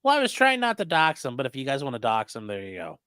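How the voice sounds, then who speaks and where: Joking streamer host; animated pitch, dry close sound. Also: fast talker, clear, resonant tone, dry recording. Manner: joking, teasing. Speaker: livestream host. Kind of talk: casual chat reacting to a trial stream.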